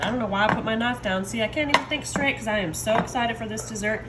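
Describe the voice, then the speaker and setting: Excitable woman cooking, high voice. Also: fast, very noisy. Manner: chatty, excitable, addresses viewers as y'all. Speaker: home cook showing desserts. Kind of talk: casual cooking video. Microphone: phone.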